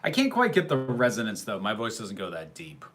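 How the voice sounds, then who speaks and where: A man's voice: fairly low pitch, huge pitch swings, brisk. A man hosting a livestream, casually commenting on a film, answering chat questions and laughing often in a sarcastic tone. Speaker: livestream host reacting to a film.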